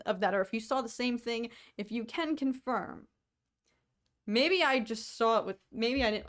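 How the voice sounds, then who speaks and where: A young woman from the United States, co-hosting a podcast, chatting casually to viewers with quick asides and frequent laughter. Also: a little high, a bit bright. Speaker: podcast co-host. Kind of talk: casual solo chat to viewers.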